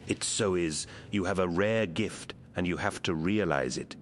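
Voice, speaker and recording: A man's voice: unhurried, a little hiss or hum. A man voicing a passionate male artist who speaks with urgent, exasperated energy. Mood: earnest. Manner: exasperated, urgent, raised pitch.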